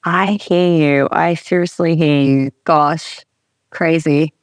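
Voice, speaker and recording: A woman hosting a podcast interview, chatty and animated, with lots of fillers. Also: low-pitched, slow pace, clean tone, no echo. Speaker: podcast host. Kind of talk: casual interview chat.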